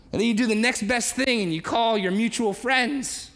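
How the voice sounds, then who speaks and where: Pastor, male, preaching in a church hall; high, gravelly voice, lively delivery. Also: moderate pace, hardly any pauses. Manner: animated, acts out quoted voices, asks the congregation questions. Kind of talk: sermon. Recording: long reverb of a large hall.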